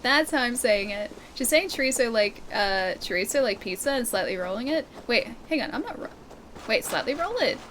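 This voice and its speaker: Her pitch sits a little high and swings widely, her tone fairly bright and her pace a little fast, with slight background noise. The Australian woman is livestreaming a game, giggly and chatty, reading out and answering her viewers' messages.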